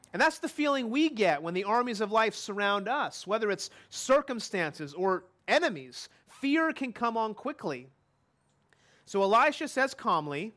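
A man's voice: high voice, lively intonation, normal speed, a bit bright. A man preaching a sermon in a conversational way, often putting questions to his listeners.

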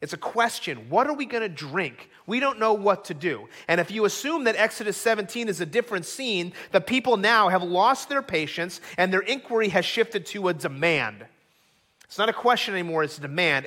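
Man, pastor, sermon, middle-aged, earnest preaching, high-pitched, bright tone. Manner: earnest preaching, acts out quoted voices.

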